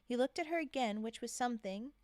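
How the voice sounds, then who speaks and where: A woman's voice: fairly high pitch, expressive, fairly quick, darkish tone, no echo, studio quality. A woman streamer reading holiday short stories aloud, breaking off to laugh and chat with viewers. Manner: giggly, chatty, breaks off to react to viewers. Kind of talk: casual read-aloud with chat asides.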